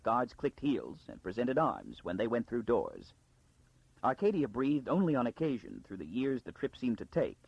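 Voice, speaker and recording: A man narrating an audiobook in a dramatic storytelling style with a gravelly, husky voice. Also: medium pitch, very animated, normal speed, no echo, muffled recording. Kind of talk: scripted narration.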